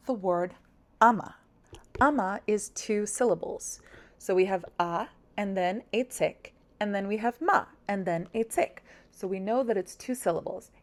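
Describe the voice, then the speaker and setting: A young woman walks a learner through a beginner language lesson. She talks patiently and encouragingly, slowing down to sound out each syllable. Her voice sits at an ordinary middle pitch. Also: darkish tone. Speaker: language teacher. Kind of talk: friendly scripted lesson.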